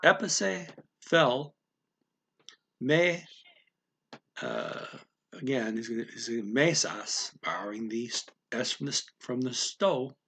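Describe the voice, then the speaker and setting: A man slowly explaining a story word by word as a language teacher, thinking aloud with many pauses. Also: medium pitch, lively intonation, a bit bright, breathy edge. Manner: slow, thinking aloud, frequent fillers.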